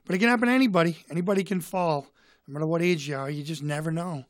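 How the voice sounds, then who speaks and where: A man's voice: fairly high pitch, rapid-fire, no echo, clean studio sound. Chatty Boston man with a cold. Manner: rambling, chatty. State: has a cold. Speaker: guest, comedian. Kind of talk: casual storytelling.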